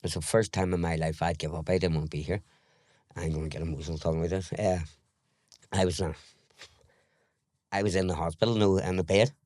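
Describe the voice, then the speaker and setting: A middle-aged Northern Irish man with a very low voice tells his story candidly, rambling and swearing now and then as he acts out past exchanges. The sound is close and dry, with no room around him. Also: fairly even intonation, a little fast, pauses often, a little mellow, dry recording. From Northern Ireland. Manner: rambling, frank, swears, retells scenes in dialogue. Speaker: podcast guest.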